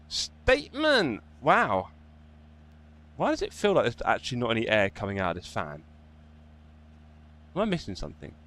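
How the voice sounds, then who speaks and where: A man's voice: mid-range voice, fairly bright tone, slight background noise. A man hosting a live sim racing stream, chatting and congratulating drivers after the race. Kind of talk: live race commentary and chat. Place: home sim racing setup.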